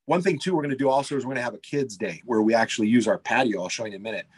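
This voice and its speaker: A man's voice: mid-range voice, rapid-fire, darkish tone, breathy edge. A man who owns a pizza shop, chatting casually in an interview, rambling and eager with plenty of fillers and restarts. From United States.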